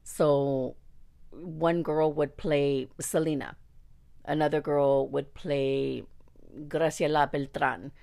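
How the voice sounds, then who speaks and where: A woman casually telling a personal story, candid and profane, animated and quick to laugh. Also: deep voice, vocal fry.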